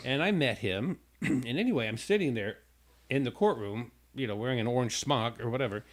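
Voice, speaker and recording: A man's voice: mid-range voice, animated, a little fast, crowd noise. A man hosting a radio talk show who tells a long personal story casually, with stumbling restarts, and acts out the people in it.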